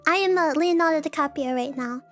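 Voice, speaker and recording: Very high-pitched giggly woman streamer. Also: a little fast. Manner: giggly, dramatic, self-mocking. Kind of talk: casual chat with viewers.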